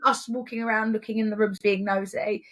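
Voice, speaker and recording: An English woman telling a story in casual podcast chat, swearing freely and quick to act out what people said. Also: mid-range voice. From England. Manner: chatty, swearing, animated impressions in quotes. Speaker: podcast co-host.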